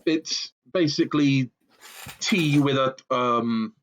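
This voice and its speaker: A man's voice: medium pitch, slow pace, slight background noise. A British man from Bristol hosting a podcast, chatting and arguing playfully. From Bristol, England. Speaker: podcast host.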